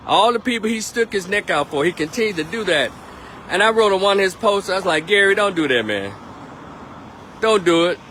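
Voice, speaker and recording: Blunt, bright-voiced man. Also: sits high, expressive, a little fast, slight background noise. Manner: blunt, emphatic, repetitive. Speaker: political commentator on a live stream. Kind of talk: opinionated live-stream monologue.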